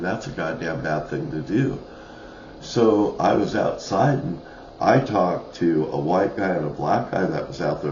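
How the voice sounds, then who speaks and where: A man's voice: low-pitched, darkish tone, a little hiss or hum. Man ranting in a roomy, lo-fi recording. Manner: profane, ranting, with short laughs. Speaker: vlogger. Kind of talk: angry rambling monologue.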